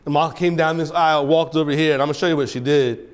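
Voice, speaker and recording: In a courtroom, a judge whose voice sits on the high side speaks very fast to students, with a clear, resonant tone. His storytelling is emotional, moving between quiet, choked-up passages and loud, excited ones.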